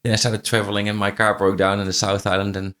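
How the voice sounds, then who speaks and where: Speaking fast in a lowish, monotone, slightly bright voice, a middle-aged man shares stories as a podcast guest in casual interview style. He is a franchise CEO and a non-native English speaker with a faint Irish-tinged accent, frequently restarting and repeating phrases.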